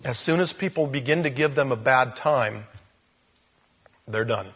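A man with a husky, slightly breathy voice preaches a sermon. He is animated and talks straight to his congregation, often doubling back on his words as he presses a point. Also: medium pitch, unhurried. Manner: animated, repeats words, speaks to the crowd directly. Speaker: pastor.

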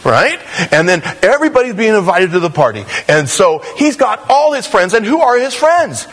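A man preaching a sermon, telling personal stories and acting out quoted voices with animated swings between a high and a low voice. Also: normal speed. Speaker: pastor.

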